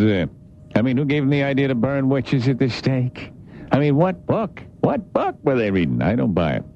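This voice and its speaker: A man's voice: fairly low pitch, slight background noise. A man hosting a morning call-in radio show, talking emphatically in rambling rhetorical questions. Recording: dull lo-fi radio recording.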